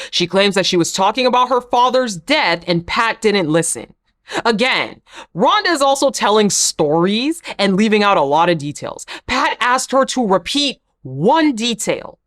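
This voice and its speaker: A woman's voice: mid-range voice, a bit bright. A woman hosting a reality TV recap, talking casually with blunt, sarcastic opinions.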